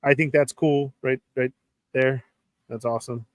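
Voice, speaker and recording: A man hosting a casual chat about toy figures, telling animated stories and acting out what others said. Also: mid-range voice, normal speed, dry recording, clean studio sound. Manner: animated storyteller, acts out quoted exchanges. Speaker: podcast host.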